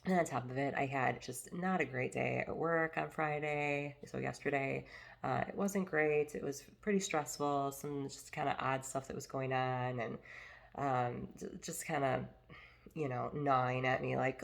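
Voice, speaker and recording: A woman's voice: extremely low pitch, steady tone, moderate pace, vocal fry. A woman vlogging casually to camera, rambling with many fillers and venting her frustration. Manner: chatty, rambling, lots of fillers and restarts. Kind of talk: casual personal talk to camera.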